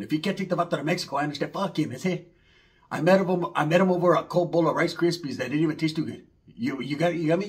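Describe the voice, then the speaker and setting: A man doing a rambling, slangy comedy monologue, mixing in Spanish words. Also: on the high side.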